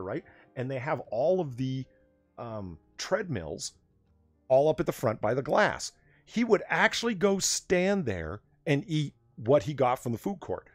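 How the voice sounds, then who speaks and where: A man's voice: medium pitch, dry recording. A man hosting a late-night livestream chat, loose and rambling, laughing often as he tells stories and reads chat. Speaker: livestream host.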